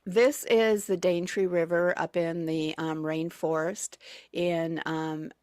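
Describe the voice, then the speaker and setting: Chatty low-voiced woman on the radio. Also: flat delivery, takes it slowly, a little mellow, smooth, no echo, clean studio sound. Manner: chatty storyteller, many fillers and restarts. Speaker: radio guest back from travel. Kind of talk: casual radio chat. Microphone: studio microphone.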